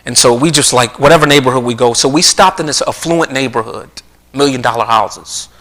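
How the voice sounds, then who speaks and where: Bright-voiced middle-aged man telling stories. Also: medium pitch, brisk, low-quality recording. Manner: repeats and restarts phrases, earnest storytelling. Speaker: speaker on a community live stream. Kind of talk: conversational talk with storytelling. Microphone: streaming mic.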